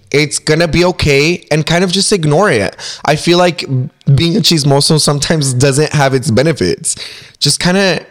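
A man's voice: fairly high pitch, a bit bright. A man talking openly and emotionally as a podcast guest, swearing often and laughing through pain. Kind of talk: emotional casual podcast talk.

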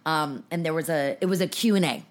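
A young woman with a notably low voice talks candidly on her podcast. She is open and emotional, and her voice sits close to tears as she shares personal stories. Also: quick pace. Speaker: podcast host. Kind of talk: casual chat.

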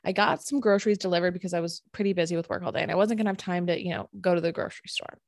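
A young woman co-hosting a podcast, telling a story in a casual, animated way, full of fillers and acted-out quotes. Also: on the low side, racing, no echo. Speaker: podcast co-host.

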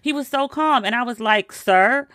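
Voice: mid-range voice, brisk, bright, forceful tone, no room sound, clean studio sound. A host telling a personal story in a casual monologue, with wry, incredulous asides.

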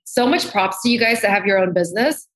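A woman's voice: medium pitch, quick pace, fairly bright tone. A woman makeup artist, a guest in a casual interview, talking candidly and animatedly and swearing freely. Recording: roomy echo.

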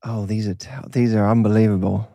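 A man's voice: on the low side, little pitch movement, a little fast, warm tone, no echo. Playful East London man, dry mic. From England. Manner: playful, laughs while talking. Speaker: guest, dating coach. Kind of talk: casual podcast chat.

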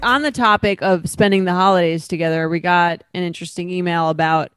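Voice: mid-range voice, steady tone, fairly quick, over music. A podcast co-host in casual chat, reading a listener email aloud with wry asides.

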